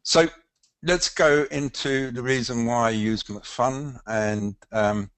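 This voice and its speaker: An older man with a London accent, a professional photographer giving a casual, halting webinar demonstration with frequent fillers. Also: medium pitch, steady tone, fairly bright tone, smooth, no room sound.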